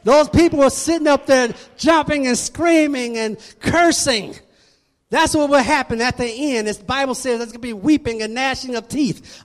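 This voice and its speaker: High-voiced man preaching in echoing hall. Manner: fervent preaching with dramatic swings in loudness. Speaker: church elder. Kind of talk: sermon. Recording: long reverb of a large hall.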